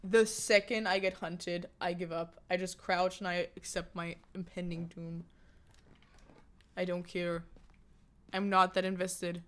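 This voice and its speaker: A woman's voice: lowish voice, flat delivery, a little slow, fairly bright tone. A woman streamer giving live, joking commentary while she plays a ghost-hunting game and chats to her viewers. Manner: chatty, joking, talks to chat and to a ghost.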